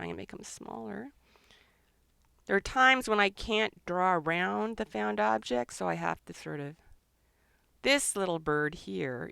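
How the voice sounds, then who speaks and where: A middle-aged woman, a children's author and illustrator, chatting excitedly and thinking aloud during a live drawing session for kids. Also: medium pitch, vocal fry, smooth, dry recording.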